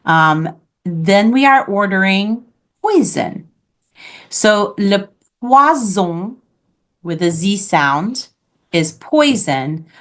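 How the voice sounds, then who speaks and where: A woman leads an online beginners' French lesson and models each word with patience and clarity. She speaks slowly at a somewhat low pitch. Her tone is that of a teacher checking that the class follows along. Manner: patient, clear modeling of pronunciation.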